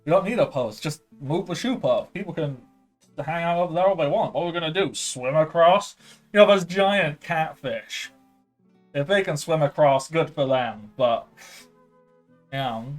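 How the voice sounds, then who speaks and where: A man's voice: on the high side, moderate pace, faint music behind, lightly acted. A man voicing a bumbling male soldier who stammers and rambles through excuses. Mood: flustered.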